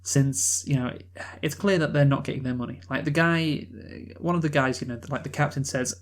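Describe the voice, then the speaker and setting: A man chatting through a film review at a middling pitch, rambling and restarting his sentences. He fills gaps with ums and uhs and drops casual swears. The delivery is loose and unscripted. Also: fairly even intonation, normal speed. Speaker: podcast co-host reviewing a film. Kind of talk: casual chat.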